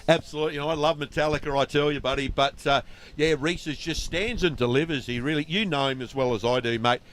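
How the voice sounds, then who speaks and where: A man, a former racer, giving chatty, excitable co-commentary on kart racing. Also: fairly high pitch, fast talker. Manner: excitable, chatty, says mate a lot. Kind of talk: live motorsport commentary.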